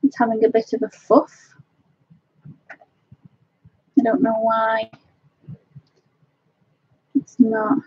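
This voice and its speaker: A woman's voice: a little high, monotone, slow, long pauses, a little mellow, husky, dry recording, dull audio. A woman hosting a casual colouring live stream from home on a webcam, chatting, laughing often and greeting viewers by name. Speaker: colouring channel host. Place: home, indoors.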